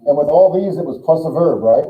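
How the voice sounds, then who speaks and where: A man's voice: a little high, lively intonation, a little fast. Man teaching grammar in an echoey classroom. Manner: explains step by step, thinks aloud. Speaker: German teacher. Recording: echoey room on a tinny lo-fi recording.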